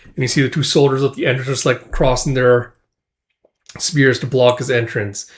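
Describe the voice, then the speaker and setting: A man casually retelling a comic book out loud, chatty, with laughing asides. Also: medium pitch, little pitch movement, normal speed. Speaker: host. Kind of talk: casual manga read-through.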